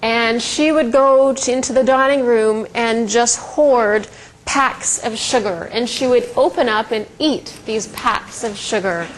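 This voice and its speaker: A woman's voice: on the high side, a little slow, low-quality recording. A middle-aged woman giving a conversational lecture presentation, telling stories with frequent ums and restarts. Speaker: presenter and educator.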